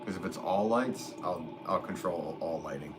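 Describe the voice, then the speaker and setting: Low-voiced man rambling on a live stream. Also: moderate pace. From Connecticut. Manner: rambling, easygoing, many fillers. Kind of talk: casual livestream chat reading comments. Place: pottery studio. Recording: noisy background.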